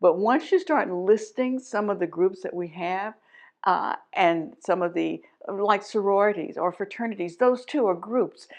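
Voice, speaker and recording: A woman's voice: mid-range voice, unhurried. A middle-aged woman from Texas, an educator explaining literature themes to teachers, thoughtful and emphatic with frequent restarts and asides. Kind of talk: teaching talk to camera.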